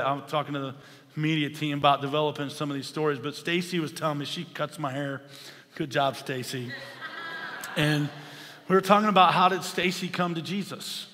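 A male pastor preaching an impassioned sermon that rises to shouts, recorded in a large church hall. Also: a little high.

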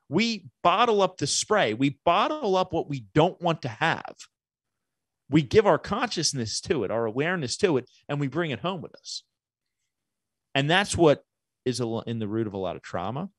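A man's voice: a little high, no room sound, clean studio sound. A man guesting on a podcast, explaining ideas thoughtfully with everyday analogies. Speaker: podcast guest, business owner. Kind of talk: reflective conversational interview.

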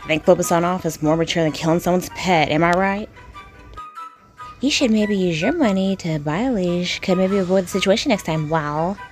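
A woman's voice: fairly low pitch, brisk, darkish tone, faint music behind. A woman reacting to comments in casual commentary, blunt, indignant and profane. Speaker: video creator reacting to comments.

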